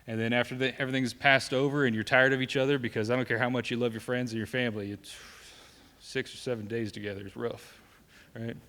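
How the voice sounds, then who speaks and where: A man's voice: mid-range voice, little pitch movement, fast talker, sharp tone. A young man with a Southern accent gives a live safety presentation, joking with the crowd and checking in with "right?". His voice sits in an ordinary middle register. A long reverb from the large hall trails behind his words. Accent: Southern American. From American South. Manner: joking, conversational, asks the room "right?".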